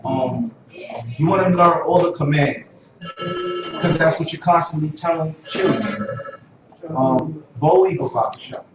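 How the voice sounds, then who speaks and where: Slow-talking man teaching a class. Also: fairly high pitch. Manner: unhurried, many filler pauses. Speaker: Hebrew teacher. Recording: echoey, distant, dull lo-fi room recording with noise.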